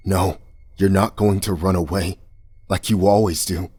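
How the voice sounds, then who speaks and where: A man's voice: deep voice, little pitch movement, measured pace, darkish tone, husky. A man doing a harsh, bitter young man. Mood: raw. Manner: harsh and raw, hissing.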